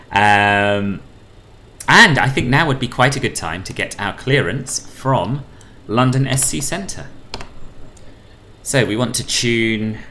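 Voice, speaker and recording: Chatty and playful, a man from the United Kingdom laughs his way through a flight simulator stream, reading radio calls aloud and calling viewers "boss." He speaks slowly in a mid-range, sharp-toned voice with lively intonation, and there's slight background noise.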